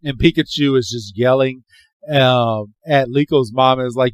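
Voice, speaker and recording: Animated, slangy male podcast host. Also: medium pitch, moderate pace, no room sound. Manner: animated storyteller, acts out quotes, frequent "he's like"; loose and slangy, many "um" fillers. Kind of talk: casual recap of a cartoon episode.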